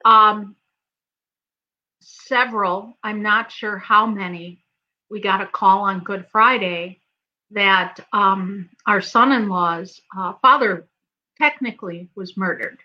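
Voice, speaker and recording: A woman co-hosting a podcast in casual chat, halting and searching for words. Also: mid-range voice. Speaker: podcast co-host. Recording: dull lo-fi audio.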